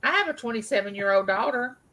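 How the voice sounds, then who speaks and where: A woman's voice: fairly high pitch, expressive, fast talker, sharp tone. A woman in her forties in a casual live-stream chat, chatty and easygoing. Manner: chatty, self-described gift of gab.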